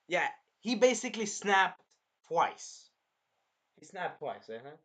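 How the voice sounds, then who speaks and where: A man co-hosting a casual review chat, excitable and breaking into shouted impressions of scenes. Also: on the high side, a little slow. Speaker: anime review co-host.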